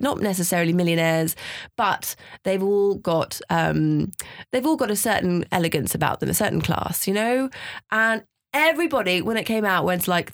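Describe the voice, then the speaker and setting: A woman's voice: medium pitch, dry recording. A woman, the founder of a dating agency, chatting animatedly in a studio interview. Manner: chatty and animated, quick asides, bursts of laughter. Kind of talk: casual interview chat. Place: small cosy studio.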